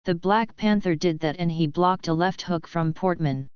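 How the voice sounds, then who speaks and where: A woman reading an action story aloud in an even, measured way. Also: on the low side, clean tone, no echo, dull audio. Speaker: narrator. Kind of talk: storybook narration.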